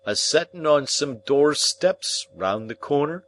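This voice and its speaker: A man doing a slow, stuffy-nosed rough go-between. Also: fairly high pitch, lively intonation, fairly bright tone, slight background noise, voice pushed up. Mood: nervous. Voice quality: stuffy, head-cold voice. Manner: slow, dropped consonants. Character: slow, sniffling male hired go-between. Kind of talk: audiobook character reading.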